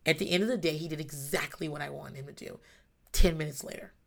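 A woman's voice: sits low, fast talker, gravelly, fairly bright tone. A mother in her thirties talking candidly about parenting, blunt and emphatic, swearing freely. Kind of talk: casual monologue.

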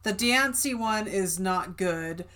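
A woman's voice: medium pitch, slow pace, bright, forceful tone. A young woman co-hosting a podcast in casual chat, full of "like" and "um". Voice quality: chatty, lots of "like" and "um". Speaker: podcast co-host.

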